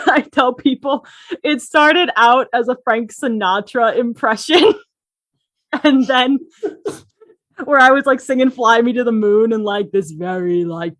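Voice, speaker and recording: A woman talking as a podcast guest about the characters she writes and voices. She tells stories eagerly, laughs often and uses many fillers. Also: fairly high pitch. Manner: excitable, animated storytelling. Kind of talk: casual interview chat.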